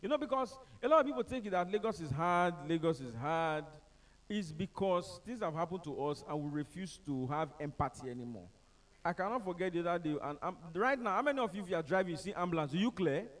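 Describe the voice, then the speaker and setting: A Nigerian man speaking as a motivational speaker, telling funny stories to a live crowd. His voice sits high for a man, and he keeps it animated and joking, acting out the people in his tales. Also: brisk, recorded from a distance. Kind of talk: humorous storytelling to a live audience.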